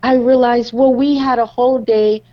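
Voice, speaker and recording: A woman's voice: fairly high pitch, steady tone, normal speed, dull audio. A woman co-hosting a podcast, telling a story in casual chat and acting out her family's lines. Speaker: podcast co-host.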